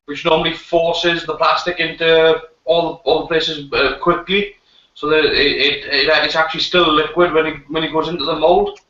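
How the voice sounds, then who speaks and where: Bright stammering man in an echoey room. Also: on the high side, flat delivery, moderate pace. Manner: stammering, repeats words when starting sentences. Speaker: hobbyist scale modeler on a video hangout. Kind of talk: casual chat. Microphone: video call. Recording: roomy, distant, lo-fi video call audio.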